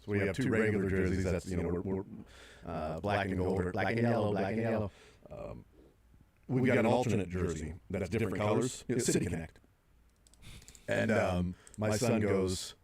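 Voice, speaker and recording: A man's voice: deep voice, normal speed, darkish tone. A middle-aged man hosting sports talk radio, rambling through his points with many fillers and restarts.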